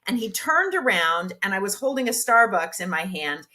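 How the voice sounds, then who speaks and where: A woman author, a guest on a podcast, telling an anecdote in a lively, self-deprecating way. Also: mid-range voice, normal speed. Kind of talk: casual storytelling in an interview.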